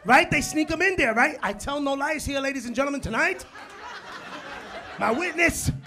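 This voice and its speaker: A man in his forties doing a stand-up comedy set on a club stage, telling animated stories, acting out quotes and working the crowd. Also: extremely high pitch, moderate pace, background noise. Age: 40s. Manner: animated storytelling, acts out quotes, works the crowd. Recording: live club recording with loud crowd laughter. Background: audience laughter.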